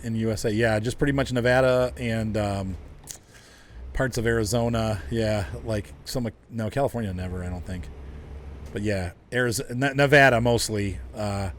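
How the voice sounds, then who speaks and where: A man's voice: lowish voice, steady tone, a little fast, a little hiss or hum. Laid-back man rambling while streaming a game. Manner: rambling, chatting with viewers, laughing often. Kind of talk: casual live-stream commentary while driving a truck game.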